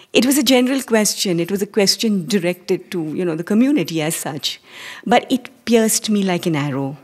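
Indian woman, forties, breathy voice, live stage storyteller, measured and hesitant. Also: medium pitch, a little mellow. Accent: Indian English. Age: 40s. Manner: measured and hesitant, dropping to near-whispers.

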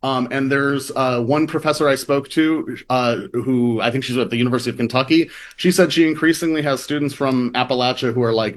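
Man, midwestern-raised, reporter guest, relaxed chatty tone, frequent fillers, mid pitch. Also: brisk, few pauses. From American Midwest. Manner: casual, many fillers and hedges like "like" and "um". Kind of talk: conversational interview.

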